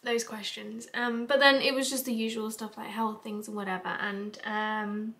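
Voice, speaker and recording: A young British woman vlogs in a casual, confessional way, tearful and emotional, chatting and rambling with fillers and asides. She has a British English accent, and her fairly bright voice sits on the high side with a level tone at normal speed.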